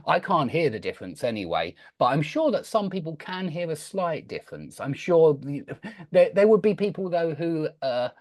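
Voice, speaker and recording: A chatty male English teacher with a Southeast English accent bordering on RP, swinging his pitch up and down as he explains. He talks over a video call in a dry, close sound, often restarting his sentences. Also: very animated, moderate pace, darkish tone, dry recording. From Southend, Essex, England. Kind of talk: online group class talk.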